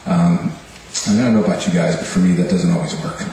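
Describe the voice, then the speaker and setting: A man's voice: deep voice, fairly even intonation, fairly quick, dark tone. A man who leads worship at a church, introducing the next speaker in a rambling, hesitant way. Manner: rambling, hesitant, filler-heavy. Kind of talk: casual introduction to a congregation. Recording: echoey hall from far off, faint hum.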